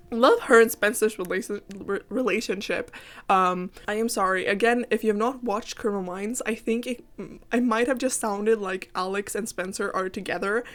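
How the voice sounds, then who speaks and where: A woman's voice: medium pitch, a bit bright. Giggly, rambling teenage girl. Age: late teens. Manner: giggly, rambling, keeps apologizing. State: tired and sick. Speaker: gaming YouTuber. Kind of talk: rambling voiceover over a game build.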